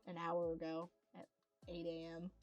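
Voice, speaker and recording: A woman streaming a casual reading session, keeping her voice quiet and chill on purpose. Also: mid-range voice, unhurried, no echo, soft background music. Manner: quiet and chill, soft-spoken.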